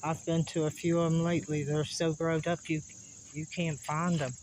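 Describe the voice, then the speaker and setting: A man's voice: on the high side, level tone, normal speed, darkish tone, a little hiss or hum, low-quality recording. A man, out of breath as he climbs a wooded hillside, chatting folksily to his camera and laughing between gasps. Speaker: vlogger exploring old sites. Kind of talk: casual on-camera narration while hiking. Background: insects and crickets.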